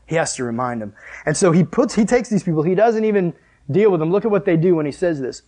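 High-voiced animated preacher man. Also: quick pace. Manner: animated storyteller, addresses listeners directly. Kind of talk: conversational sermon.

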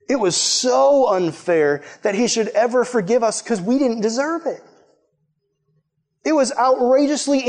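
High-voiced, casual storytelling preacher. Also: male voice. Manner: casual, animated storytelling with many fillers. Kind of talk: storytelling sermon.

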